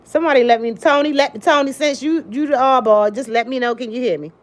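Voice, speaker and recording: A woman with a high, quick voice hosts a laid-back livestream. She reads comments, addresses viewers by name with emphasis, and says her points more than once.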